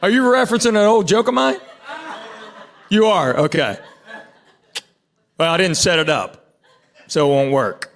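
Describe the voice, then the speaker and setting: A middle-aged man from Tennessee doing a stand-up comedy set, telling stories and acting out quick quotes from his family. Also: high voice, fairly bright tone. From Tennessee, USA. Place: theater stage before a live audience. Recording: live show with audience laughter. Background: audience laughter.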